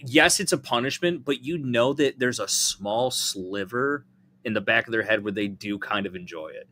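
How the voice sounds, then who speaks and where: A man with a medium-pitched voice and a normal speaking speed hosts a casual podcast chat. He's animated, swears freely and keeps breaking into laughter.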